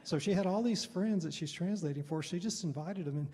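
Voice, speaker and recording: A man's voice: high voice, brisk, darkish tone. A middle-aged man, a Baptist pastor, telling a mission story at a Bible study in a loose, rambling, conversational way. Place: church hall. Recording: reverberant hall.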